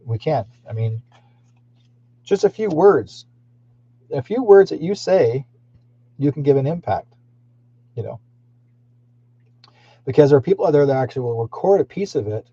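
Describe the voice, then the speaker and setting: Very dark-voiced rambling male streamer. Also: a little high, animated, moderate pace, long pauses, husky. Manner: meandering, with frequent fillers and restarts. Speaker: psychic livestream host. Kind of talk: rambling live-stream talk. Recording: dull lo-fi stream audio.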